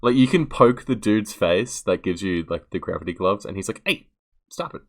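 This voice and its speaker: Male podcast co-host, low-pitched, laid-back, teasing. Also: brisk. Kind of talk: casual chat.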